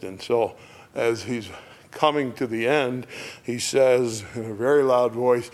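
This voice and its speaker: A man preaching a reflective sermon, lingering over phrases and dropping to a near hush at moments of emphasis. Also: medium pitch, steady tone. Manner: slow, reflective, dropping to a hush on key words.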